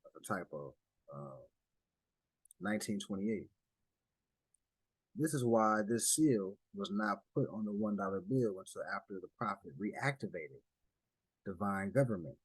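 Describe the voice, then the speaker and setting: Husky low-voiced man explaining. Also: expressive, moderate pace, pauses often, no room sound, low-quality recording. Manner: conversational, restarts and asides, uses y'all. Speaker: study group presenter. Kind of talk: casual explanatory talk over slides.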